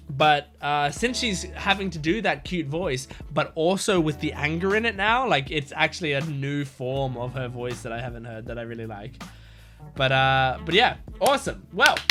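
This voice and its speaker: A man's voice: on the high side, pushed and bright. A man hosting a reaction video, talking casually with lots of fillers and restarts. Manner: rambling, many fillers and restarts. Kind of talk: casual talk.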